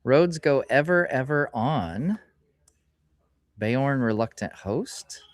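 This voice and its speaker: A middle-aged man hosts a casual live stream, chatting in a rambling way and reading card names aloud slowly. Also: medium pitch, lively intonation, dry recording. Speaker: streamer host. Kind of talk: casual live-stream chat while opening card packs. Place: hobby store, indoors.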